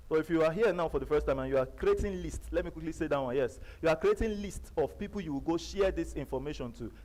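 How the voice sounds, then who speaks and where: Nigerian male seminar speaker, fairly high voice, repetitive, hammering points loud then dropping low. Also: quick pace, few pauses, low-quality recording. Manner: emphatic, repetitive, preacher-like; swings from loud bursts to quiet asides. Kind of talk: live motivational seminar talk. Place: seminar venue.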